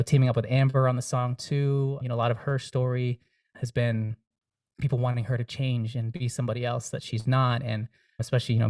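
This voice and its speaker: A man's voice: mid-range voice, mellow, no echo, clean studio sound, recorded from a distance. A young man, a singer-songwriter guest, talking earnestly and reflectively in a casual interview, with many fillers and restarts.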